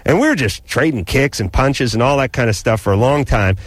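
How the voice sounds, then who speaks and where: A man on a radio call-in show, telling a rambling story in a casual, animated way and laughing as he goes. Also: medium pitch, brisk, no room sound. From Los Angeles area.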